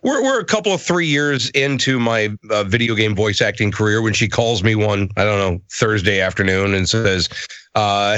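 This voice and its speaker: A middle-aged man, a voice actor, telling stories as a guest in a casual interview, animated and self-deprecating. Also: on the low side, normal speed, no echo.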